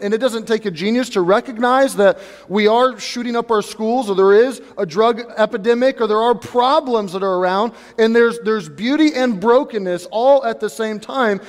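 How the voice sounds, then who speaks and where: A man with a high voice preaches a sermon and talks straight to his congregation. His voice rings out with the long reverb of a large church hall. He preaches in a relaxed, conversational way. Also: moderate pace. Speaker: pastor. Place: church sanctuary.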